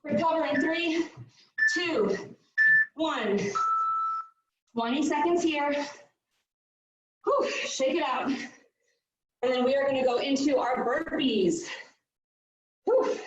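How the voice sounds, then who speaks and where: Woman fitness coach, breathless, upbeat countdowns, high voice, dull lo-fi sound. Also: slow, long pauses, heavy reverb, recorded from a distance, slight background noise. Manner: upbeat, counting down reps while exercising. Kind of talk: live workout instruction.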